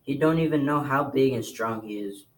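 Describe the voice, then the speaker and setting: A man's voice: mid-range voice, moderate pace, natural voice, rough recording. A man voicing a brash, mocking woman. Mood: taunting. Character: brash mocking adult woman, crude and careless.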